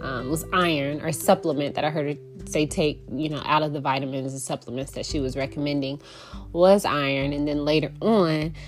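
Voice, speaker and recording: A young woman with a notably low voice tells a personal story in a heartfelt, animated way, often breaking into laughter. Faint guitar music plays softly behind her. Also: fairly quick. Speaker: podcast host.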